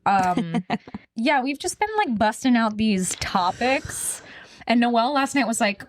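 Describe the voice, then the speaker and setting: A woman's voice: on the high side, expressive, unhurried, a little hiss or hum. A young adult woman co-hosting a podcast in casual chat, rambling with fillers and laughing often. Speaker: podcast co-host.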